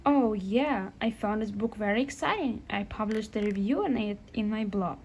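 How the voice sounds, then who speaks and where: A woman voicing a calm, gentle young journalist who speaks softly, slowly and a little hesitantly in a home-made toy sketch. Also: mid-range voice, slightly rough. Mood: polite. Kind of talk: amateur toy sketch voice acting.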